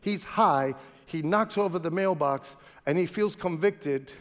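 A man's voice: high-pitched, a little slow. A male pastor preaching a sermon in an impassioned storytelling manner, in a large church sanctuary. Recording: long hall reverb with faint music.

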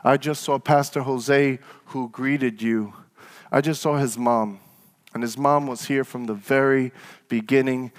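A man preaching a sermon as pastor, telling stories and calling on the congregation for an amen, at times rising into loud, fervent exhortation. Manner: fervent preacher with call-and-response; rises to loud, high exhortation.

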